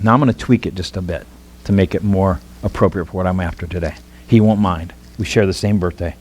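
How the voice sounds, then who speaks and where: A middle-aged man with a Midwestern American accent, preaching a sermon in an animated, rambling way with many restarts. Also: mid-range voice, brisk. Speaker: pastor.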